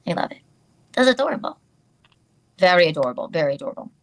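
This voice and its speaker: A woman's voice: on the low side, sing-song, fast, creaky. A woman chatting casually on a livestream, cooing at a dog and thanking viewers. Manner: cooing, giggly, talks to a dog. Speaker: guest in a played livestream clip.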